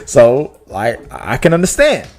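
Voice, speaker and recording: A man hosting a casual movie podcast, talking in an animated way with many restarts. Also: medium pitch, a little slow. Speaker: podcast host.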